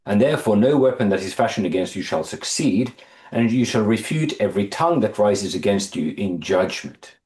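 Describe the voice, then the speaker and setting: A man leading a Bible study, reading scripture aloud, explaining it with halting restarts and quizzing his listeners. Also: fairly low pitch, animated, darkish tone. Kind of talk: Bible study teaching to a small group. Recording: echoey room.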